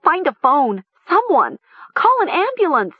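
A woman voicing a bossy teenage girl who turns shrill and stammering with panic. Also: very animated, measured pace, slightly rough, dry recording, lo-fi sound, exaggerated voice. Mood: panicked.

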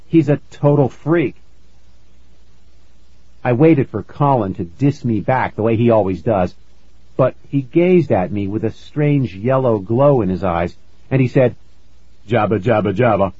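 A man narrating a first-person story in a measured storytelling manner, on a dull, lo-fi recording. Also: medium pitch, expressive, warm tone, breathy edge, no echo. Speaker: audiobook narrator.

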